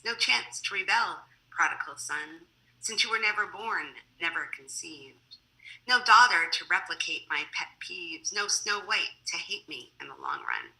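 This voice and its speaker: A woman poet reads her work over a video call in a measured, deliberate way, her lowish voice carrying a bright, cutting edge. Between poems she turns chatty and laughs easily. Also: rough recording. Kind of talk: poetry reading with casual asides.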